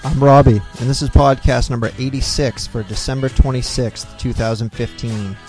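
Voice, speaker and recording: Laid-back guy, dark voice. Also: mid-range voice, fairly even intonation, normal speed, faint music behind. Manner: laid-back storytelling, swears often. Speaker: podcast co-host. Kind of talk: casual podcast banter. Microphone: close studio mic.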